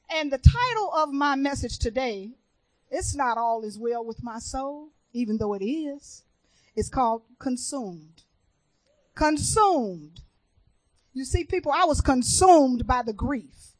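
High-voiced woman minister preaching slowly. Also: animated, dry recording, rough recording. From Chicago. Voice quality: earnest, testifying, builds from hushed to emphatic. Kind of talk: sermon.

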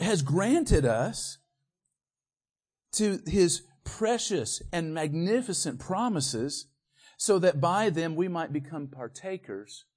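A man preaching a sermon, building to loud, emphatic peaks and then dropping back to quiet verse-by-verse teaching. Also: fairly high pitch. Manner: walks the congregation through scripture verse by verse.

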